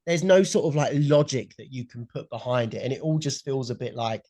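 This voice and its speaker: Young guy, mid-pitch, blunt and excitable, swears a lot, dry close mic, chatting about an episode. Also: brisk, no room sound. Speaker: podcast co-host. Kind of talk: casual chat. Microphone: headphones and mic at home.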